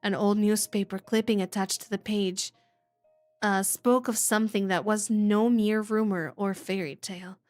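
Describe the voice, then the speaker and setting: A woman's voice: medium pitch, fairly even intonation, normal speed, a little mellow, no echo, studio quality, faint music behind, close to an everyday voice. A woman reading the narration of a curious, uneasy teenage boy in a visual novel readalong, in a plain storytelling manner. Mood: narrating.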